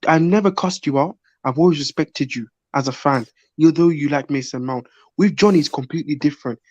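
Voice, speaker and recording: A man's voice: on the high side, a little fast, darkish tone, no room sound, dull audio. Insistent man pressing his point. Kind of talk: casual heated fan debate.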